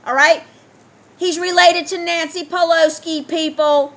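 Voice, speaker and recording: A woman's voice: very high voice, fairly even intonation, a little slow, fairly bright tone. A woman in a heated, ranting solo commentary, reading news aloud and firing rhetorical questions at her listeners.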